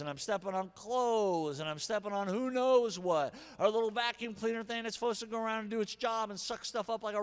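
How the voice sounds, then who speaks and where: Man, middle-aged, pastor, sermon, animated, hushed then shouting, long echoing hall. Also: sits high, clear, resonant tone. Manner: animated, swings from hushed asides to shouted punchlines.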